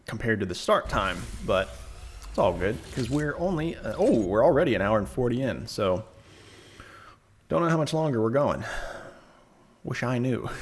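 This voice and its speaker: A man's voice: medium pitch, slight background noise. A Canadian man streaming a shooter game, talking through it casually and wryly, reading chat aloud. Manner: relaxed, chatty, wry, often laughing. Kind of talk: casual gameplay commentary.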